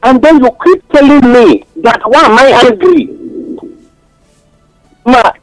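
A man's voice: very high voice, expressive, takes it slowly, dry recording, soft background music, poor audio. A man with a Nigerian accent giving passionate radio talk-show commentary, mixing English with Pidgin and telling stories. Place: radio studio.

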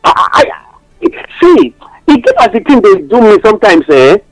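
A man's voice: sits high, huge pitch swings, normal speed, no echo, faint music behind, poor audio. A man with a Nigerian accent giving passionate radio talk-show commentary, mixing English with Pidgin and telling stories. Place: radio studio.

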